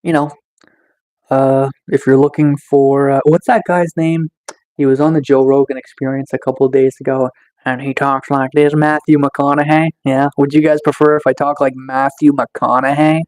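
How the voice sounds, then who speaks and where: A man casually chatting on a livestream, reading chat and answering slowly with lots of fillers, just getting over a cold. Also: medium pitch, little pitch movement, a little mellow, low-quality recording. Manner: slow, laid-back, chill delivery with many fillers. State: recovering from a cold.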